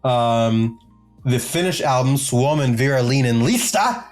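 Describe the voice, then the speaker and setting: A man's voice: mid-range voice, lively intonation, unhurried. A podcast co-host talks through a long list of chart positions in an easygoing, rambling way. He fills gaps with ums and throws in silly jokes between entries. Faint music sits under the voice. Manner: jokey, rambling, many filler ums. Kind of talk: casual chat, reading out chart positions.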